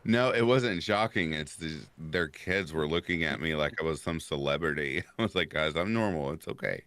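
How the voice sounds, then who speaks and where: A man's voice: rumbling low, moderate pace, a bit bright, no room sound. A man guesting on a casual stream chat who tells stories and laughs often. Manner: chatty storyteller, laughs often. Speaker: podcast guest.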